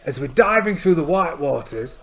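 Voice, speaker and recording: Slightly high and expressive, his voice moves at a normal speed. He's the host and sole player of a tabletop game, narrating it as a playful story and thinking out loud over each dice roll, with faint music in the background.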